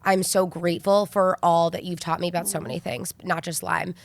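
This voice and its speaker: A woman's voice: fairly low pitch, flat delivery, brisk, gravelly. A woman hosting an interview, speaking in an affectionate, effusive and encouraging way. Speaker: podcast host. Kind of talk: sit-down interview conversation.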